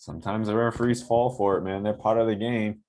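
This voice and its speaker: Low-voiced basketball trainer breaking down film. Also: male voice, fairly quick. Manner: animated, coaching asides with frequent "right?". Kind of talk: casual film-breakdown commentary.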